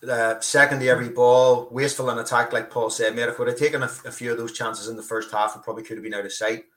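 A Northern Irish man chatting as a football podcast panelist, relaxed and chatty. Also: mid-range voice, fast talker, reverberant. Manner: relaxed, chatty, says mate a lot. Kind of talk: casual podcast chat.

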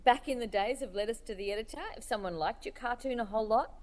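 A woman cartoonist being interviewed, speaking thoughtfully with many pauses, fillers and restarts. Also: a little high, a little mellow. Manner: hesitant, many restarts and fillers, laughs while telling stories.

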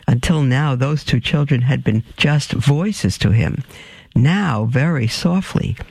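A man reading a children's story aloud at an unhurried pace, stopping now and then to explain an aside. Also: mid-range voice, vocal fry, a little mellow, breathy edge, no room sound. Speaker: reader.

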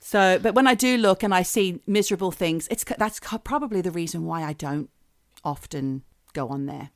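A woman's voice: on the low side, moderate pace, no echo, studio quality. A woman co-hosting a podcast in casual chat, opinionated and playful. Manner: opinionated, playful, animated delivery. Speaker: podcast co-host.

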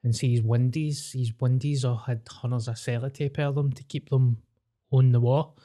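A young man with a Glaswegian accent rambles through stories in casual slang on a podcast. His tone is mellow and warm rather than bright, at an average pitch for a man. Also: fairly even intonation, moderate pace. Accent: Glaswegian Scottish. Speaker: podcast co-host. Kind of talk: casual chat.

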